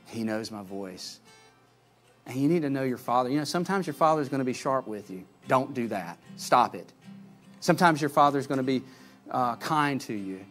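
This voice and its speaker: A pastor giving a sermon, earnest, rising to loud calls and dropping to soft pleading at the altar call. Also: male voice, medium pitch, lively intonation, a little fast, faint music behind.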